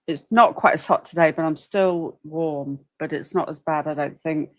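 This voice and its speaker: A woman's voice: low-pitched, steady tone, normal speed, rough recording. A woman hosting a livestream, chatting casually in a rambling way with apologetic asides. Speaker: livestream host commenting on a trial. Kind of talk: casual chat.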